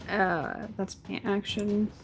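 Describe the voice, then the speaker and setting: A woman's voice: mid-range voice, steady tone, slow, creaky, soft background music. A woman playing a tabletop game, declaring her turn with hesitant fillers. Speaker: player.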